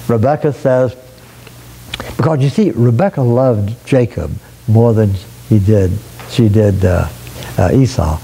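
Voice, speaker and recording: A man preaching a sermon, retelling a story in an unhurried, folksy way with frequent restarts and repeated words. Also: medium pitch, animated, warm tone, breathy edge.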